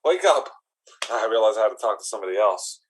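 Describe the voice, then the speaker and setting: A man's voice: lowish voice, flat delivery, racing, slight background noise, low-quality recording. A man performing improv comedy, rambling nervously as an awkward goblin looking for love.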